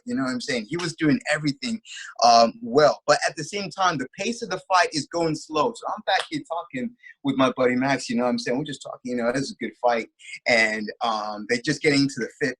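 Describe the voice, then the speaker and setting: A man's voice: mid-range voice, a bit bright, husky, poor audio. A man co-hosting a casual chat, telling a fight story with lots of filler phrases. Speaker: co-host.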